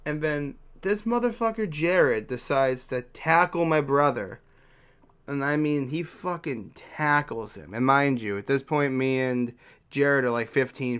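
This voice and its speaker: A young man recounts a teenage mishap in an unpolished, conversational storytime. His voice is smooth and resonant, sitting at an ordinary pitch. He leans on fillers and swears freely as he goes. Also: a bit bright. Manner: loose and profane, heavy "like" fillers. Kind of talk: casual storytime.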